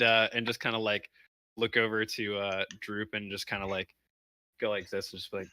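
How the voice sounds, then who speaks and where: Male player, lowish and bright, halting, dry sound. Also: fairly even intonation, no echo, poor audio. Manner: hesitant, many fillers. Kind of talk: playing a tabletop game.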